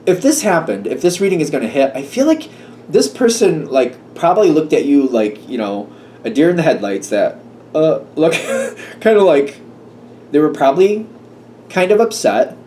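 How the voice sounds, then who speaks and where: A man's voice: on the high side, big pitch swings, moderate pace, mellow. Guy doing a chill tarot reading, kinda hesitant, lots of ums and restarts, faint background hum. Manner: musing, hesitant, full of fillers and restarts. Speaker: tarot reader. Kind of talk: casual tarot reading monologue. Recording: slightly distant mic with faint room noise.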